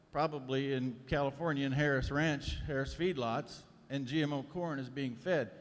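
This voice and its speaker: A man moderating a conference session, setting up a long question to the speaker in an earnest, emphatic way. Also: a little high. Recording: reverberant conference hall.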